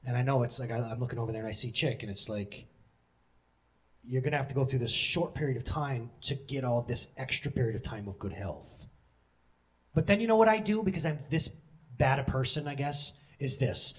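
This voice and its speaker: A man in his thirties preaching a sermon, candid and joking, with sudden loud emotional bursts. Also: medium pitch, a little fast. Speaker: pastor.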